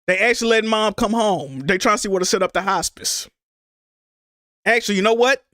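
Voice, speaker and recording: A man's voice: high-pitched, brisk, fairly bright tone, no echo, studio quality. A man streaming, telling a personal story in a rambling, casual way, restarting and repeating himself and swearing freely.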